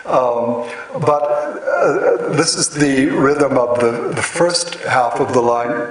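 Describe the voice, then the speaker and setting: Man, measured lecture, unhurried explanations, roomy hall sound, distant mic. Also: mid-range voice, animated. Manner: measured, explanatory, with frequent pauses and fillers. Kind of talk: lecture on poetic rhythm. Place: hall with audience. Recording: echoey hall, voice from far off, audience present.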